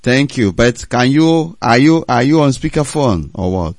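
A man's voice: mid-range voice, lively intonation, a little slow, no room sound. A man hosting a radio call-in show, firm and insistent, repeating his prompts to callers.

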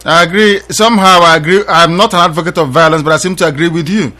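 A man's voice: fairly high pitch, steady tone, fast, sharp tone. A man hosting a call-in radio show, taking calls and pressing his points with emphatic, repeated rhetorical questions.

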